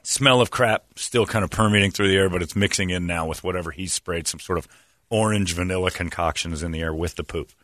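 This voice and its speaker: A man telling comic stories in a rambling, animated way and often laughing mid-sentence. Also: low voice, quick pace, no echo, clean studio sound. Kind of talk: comedic storytelling.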